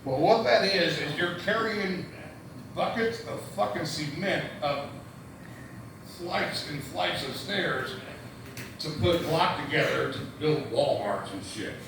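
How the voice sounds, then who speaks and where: A man's voice: a little high, expressive, takes it slowly, creaky, recorded from a distance. A man from Indianapolis telling a profane, rambling stand-up story, stammering through restarts. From Indianapolis, USA. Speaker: stand-up comedian. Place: comedy club stage. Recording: echoey room mic heard from afar with noise.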